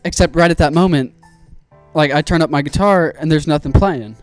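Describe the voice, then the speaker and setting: A young man with a fairly high voice tells a story in an animated, profane way, acting out his own panic. He talks casually, like a streamer chatting with his viewers. A soft lo-fi beat plays faintly behind him. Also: fairly quick, no echo. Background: faint lo-fi music.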